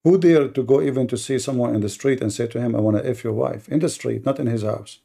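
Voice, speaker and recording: A man's voice: mid-range voice, quick pace, gravelly, mellow, breathy edge. A man hosting a live-streamed debate, talking in a mocking, provocative way and challenging his listeners. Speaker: debate livestream host. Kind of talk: combative live-stream monologue.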